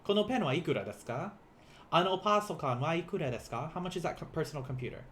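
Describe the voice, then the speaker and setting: A young man teaching beginner vocabulary in a casual livestream, playful and quick to laugh, repeating each word slowly for learners. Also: fairly high pitch, expressive, a bit bright, slight background noise. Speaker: language teacher.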